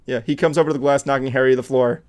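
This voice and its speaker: A man's voice: medium pitch, fairly even intonation, racing, clear, resonant tone. A man hosting a casual podcast, narrating a script read with lots of fillers and laughs. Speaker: podcast host.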